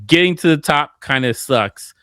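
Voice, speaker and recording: Laughing man in relaxed chat. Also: fairly high pitch, normal speed, smooth, no room sound, studio quality. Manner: laughs often, acts out his own past thoughts in quotes. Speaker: DJ and producer. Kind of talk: casual podcast chat.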